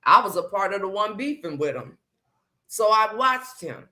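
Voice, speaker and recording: A woman in casual chat, talking sassy and emphatic. She hammers her points home by repeating them and swinging her pitch high and low. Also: expressive, moderate pace, pushed and bright. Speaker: commentary livestream host. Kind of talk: casual chat, drama commentary.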